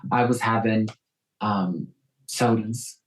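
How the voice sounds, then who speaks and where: A man's voice: lowish voice, steady tone, slow pace, a little hiss or hum, rough recording. A man from South Texas with a faint Southern accent, a guest talking in a casual interview, telling stories with frequent ums and restarts.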